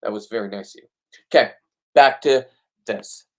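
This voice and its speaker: A man's voice: fairly low pitch, moderate pace, very noisy. A man narrating his own fishing video in a casual voice-over, blunt, boastful and full of swearing. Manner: blunt, profane, ranting, boastful. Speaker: fishing vlogger.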